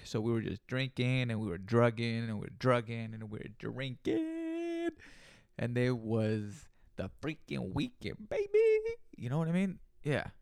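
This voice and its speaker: Young guy, solo podcast host, gravelly rasp, dry close sound, loose profane rambling with jokey asides. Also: medium pitch, normal speed, few pauses, darkish tone, no room sound. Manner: profane, rambling and joking, with playful repeated asides. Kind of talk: casual solo podcast monologue.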